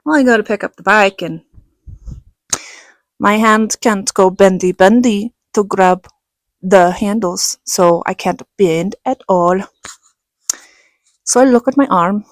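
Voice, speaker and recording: A middle-aged woman telling a personal story in a casual vlog, animated and laughing, acting out what others said. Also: medium pitch, slow pace, long pauses, no room sound. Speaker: vlogger.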